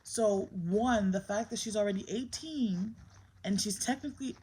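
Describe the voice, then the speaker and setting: A woman's voice: medium pitch, normal speed, darkish tone, poor audio. A woman in her thirties talks straight to the camera in a candid home vlog. Her delivery is stern and emphatic, and she sounds emotionally strained. A faint hum of household ambience sits behind her voice. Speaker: mother and vlogger.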